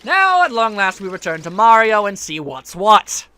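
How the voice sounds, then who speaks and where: Playful man with lively joking commentary. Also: high voice, normal speed. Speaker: let's play commentator. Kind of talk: casual game commentary.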